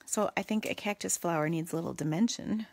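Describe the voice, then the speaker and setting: A woman's voice: lowish voice, brisk, gravelly, no echo. A woman hosting a casual live card-making demo, chatty and goofy, talking to viewers and muttering to herself as she works.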